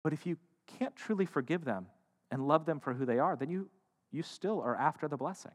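A man preaching a sermon, shifting between loud emphatic lines and hushed, quiet ones. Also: a little high, animated, fairly quick. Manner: dynamic, swings from loud to hushed. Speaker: pastor. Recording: long hall reverb.

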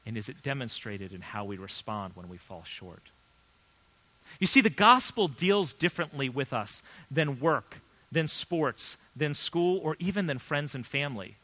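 A man in his thirties, a pastor, preaching a sermon in an earnest, conversational way with emphatic pauses. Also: mid-range voice, expressive, sharp tone.

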